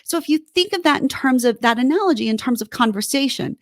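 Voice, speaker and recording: A woman's voice: sits high, fast talker, dry recording, clean studio sound. A woman co-hosting a podcast, chatting casually and animatedly about relationship advice. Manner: animated, acts out heated quotes. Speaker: podcast co-host.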